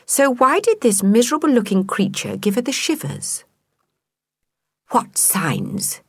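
A woman narrating a children's storybook in an expressive, measured way. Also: fairly high pitch, no room sound, studio quality. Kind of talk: storybook reading.

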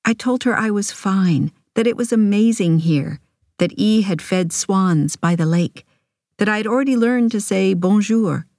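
A woman narrating an audiobook in measured, intimate first person, recorded on a close studio mic. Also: mid-range voice, darkish tone, dry recording.

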